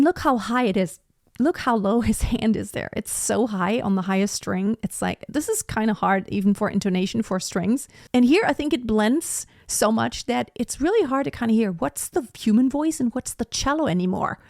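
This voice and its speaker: A woman's voice: fairly high pitch, lively intonation, normal speed, creaky, hardly any pauses, a little mellow, dry recording, clean studio sound. A woman opera singer casually reacting to a performance and explaining vocal technique with enthusiasm. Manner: enthusiastic, explanatory, sings short demonstration notes.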